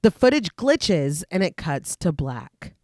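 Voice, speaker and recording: Woman, podcast co-host, casual chat, lively pitch, dry sound. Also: slow, no room sound. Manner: recaps plot in long lively read-through, laughs often. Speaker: podcast co-host recapping a film. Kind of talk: casual chat and plot narration.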